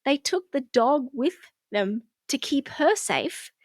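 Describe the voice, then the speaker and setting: A woman co-host tells a story in a lively, higher voice, acting out every quote and swearing freely. The sound is dry and close, with no room around it. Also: slow pace, dry recording. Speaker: podcast co-host. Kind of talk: casual storytelling chat.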